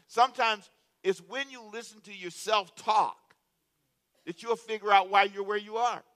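A man preaching a sermon as a pastor, animated and calling out to his congregation, often repeating words. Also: high voice.

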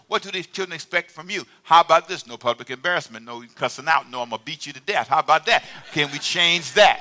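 A man's voice: on the high side, fast, few pauses. A male pastor preaching a sermon in a church, talking conversationally with the congregation and calling for amens. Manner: animated, conversational preaching with call-and-response. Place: church sanctuary.

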